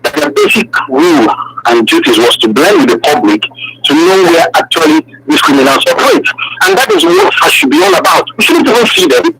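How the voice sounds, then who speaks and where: A man's voice: sits high, huge pitch swings, fairly quick, creaky, noisy background. A man with a Nigerian accent calling a radio show, pressing his points emphatically and repeating them, heard over a phone line. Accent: Nigerian English. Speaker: caller. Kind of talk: call-in radio comment.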